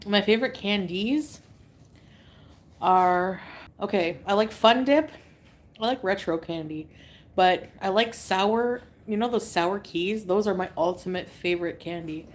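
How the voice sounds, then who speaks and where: Woman from canada, chatty livestream talk, giggly, wanders between topics, mid pitch. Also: unhurried. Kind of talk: casual livestream chat, reading comments.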